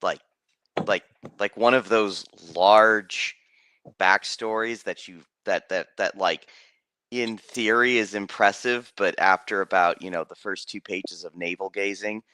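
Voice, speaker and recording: A man's voice: fairly low pitch, unhurried, bright, forceful tone, no room sound. A man who runs tabletop games, telling a story in casual stream chat, rambling with many restarts and fillers. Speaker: game master.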